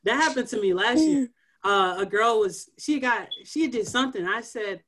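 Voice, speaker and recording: A man's voice: extremely high pitch, lively intonation, moderate pace, bright, forceful tone. A man who teaches elementary school, co-hosting a podcast in casual chat and firmly acting out his own classroom lines. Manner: firm, acts out stern teacher lines in stories.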